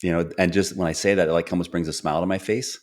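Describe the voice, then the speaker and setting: Low-voiced earnest man telling stories. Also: fairly even intonation, racing. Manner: earnest, storytelling, acts out quoted dialogue. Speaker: podcast host. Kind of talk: casual conversational interview.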